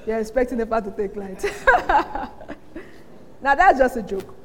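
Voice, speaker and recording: A high-voiced woman preaches in a hall with a long, ringing reverb. She tells stories in lively bursts and acts out the voices of the people she quotes. Her delivery swings between hushed asides and loud punchlines. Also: measured pace. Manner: animated storytelling, acting out quoted voices, frequent laughter. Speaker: pastor. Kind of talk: sermon.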